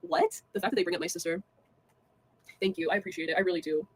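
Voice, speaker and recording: Fast-talking young woman ranting on stream. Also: on the low side, steady tone, breathy edge. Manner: fast, filler-heavy and scornful, laughing between jabs. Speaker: livestreamer. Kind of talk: casual livestream rant.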